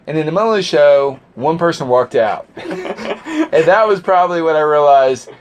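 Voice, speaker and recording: A man's voice: on the high side, lively intonation, fairly quick. A man who is a stand-up comedian, telling stories in casual chat with dry, self-mocking humor.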